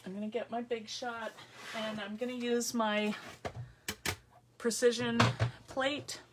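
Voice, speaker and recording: A woman's voice: on the high side, level tone, slow pace, background noise. A woman hosting a live craft tutorial on her phone, chatting casually, thinking aloud and greeting viewers by name as she works at her craft table. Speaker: craft demonstrator hosting a livestream.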